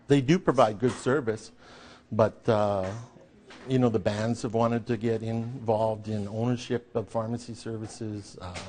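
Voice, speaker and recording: A man speaks in a fairly low voice during an interview. He answers in a hesitant, searching way, pausing and restarting as he works through his thoughts. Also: darkish tone, slight background noise. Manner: hesitant, many fillers and restarts while thinking aloud.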